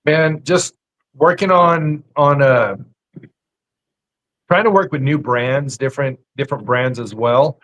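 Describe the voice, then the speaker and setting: An easygoing man speaks as a chef guest on a casual podcast. His talk is relaxed and loose, and he fills pauses with "uh" and "man". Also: medium pitch, poor audio. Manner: easygoing, says "man" and "uh" a lot. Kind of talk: casual chat.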